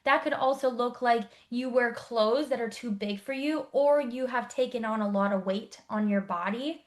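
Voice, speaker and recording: Woman coach running a workshop, fairly high voice, quick explainer, keeps asking "okay?". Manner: brisk, explanatory, checks in with rhetorical questions. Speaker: life coach. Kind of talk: online workshop teaching.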